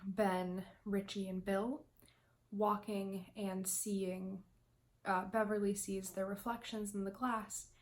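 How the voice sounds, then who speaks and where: A woman's voice: medium pitch, level tone, slow. Chatty young woman vlogger, full of ums. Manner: chatty, emotional, many ums, tearful laughs. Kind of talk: casual fan prediction vlog.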